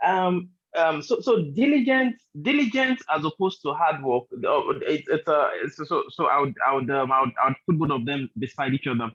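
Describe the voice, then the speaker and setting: A man's voice: on the high side, animated, moderate pace, hardly any pauses, fairly bright tone, highs cut off. A man answering as a guest, reflecting on his own work, restarting phrases as he builds each point.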